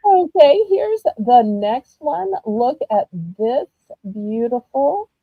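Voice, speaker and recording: A woman with a Southern US accent, chatting casually while running a live-stream auction, animated and full of ums. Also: a little high, slow pace, no echo, phone-quality sound.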